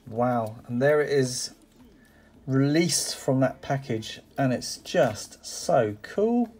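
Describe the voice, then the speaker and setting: Unboxing a parcel of die-cast toy cars, a collector chats casually and excitedly, exclaiming often and filling gaps with "uh" and "um." He speaks slowly in a mid-range voice with lively intonation and a darkish tone.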